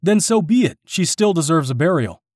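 A man's voice: a little high, expressive, moderate pace, darkish tone, slightly rough, no echo, clean studio sound, pitched above the performer's own voice. A man doing a tense, insistent investigator.

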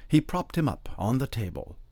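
A man reading a classic novel aloud as an audiobook narrator, in a measured storytelling manner. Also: mid-range voice, very animated, mellow, no room sound, clean studio sound.

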